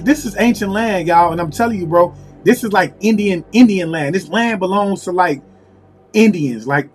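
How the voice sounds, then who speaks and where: In a laid-back tarot reading, a man with a high-pitched voice ponders out loud and repeats himself while calling on spirit. Soft music can be faintly heard behind his voice.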